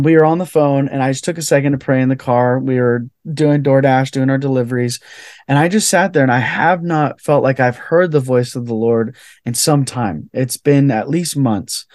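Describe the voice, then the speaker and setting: A young man, a podcast guest, gives a heartfelt personal testimony in earnest conversation, filling his speech with lots of "like." His mid-range, slightly mellow voice has fairly even intonation at a normal speed, recorded dry at studio quality.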